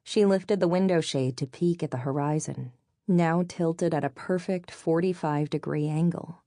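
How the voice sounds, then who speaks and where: A woman with a low voice reads a novel aloud in an even, measured storytelling manner. The sound is close and dry, with no room around it. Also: no room sound. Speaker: audiobook narrator. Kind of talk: scripted narration.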